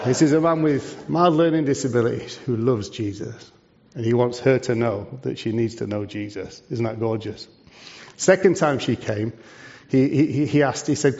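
A man's voice: medium pitch, normal speed, darkish tone. A man, a charity leader giving a preaching talk to a church, conversational and full of rhetorical questions. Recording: dull lo-fi sound.

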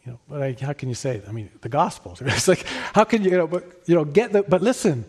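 A man's voice: fairly high pitch, expressive, fast talker, husky. Earnest man preaching with rising emphasis. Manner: earnest, emphatic, rising to stress points then dropping soft. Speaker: pastor. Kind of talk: sermon.

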